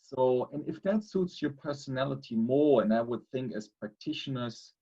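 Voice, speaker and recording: A man, a theology lecturer, talking in a measured, hesitant way with many fillers. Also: medium pitch, expressive, warm tone, breathy edge, dull audio. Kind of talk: webinar discussion.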